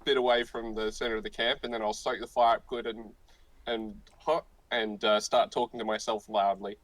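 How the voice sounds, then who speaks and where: Male tabletop player, halting casual speech, dry room. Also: fairly low pitch, level tone, a bit bright, dry recording, poor audio. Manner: halting, restarting.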